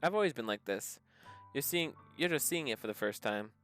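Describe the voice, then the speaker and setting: A man reading the lines of a gloomy teenage girl who admits her sadness, in a soft, subdued voice pitched below his own. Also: lively intonation, brisk, smooth, faint music behind, close to an everyday voice. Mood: despairing. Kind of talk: reading visual novel dialogue aloud.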